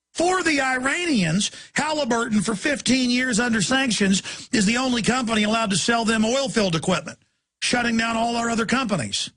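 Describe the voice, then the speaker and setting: A man's voice: high voice, fairly bright tone, breathy edge. A man hosting a talk radio show, ranting emphatically in a long monologue. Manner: ranting, emphatic, rapid-fire asides.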